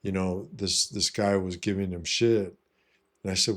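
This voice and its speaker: Low-ish voiced guy vlogging, cussing a lot, blunt swagger, "you know what i mean" every line. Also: steady tone, unhurried, fairly bright tone. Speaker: vlogger giving life advice. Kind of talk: casual monologue.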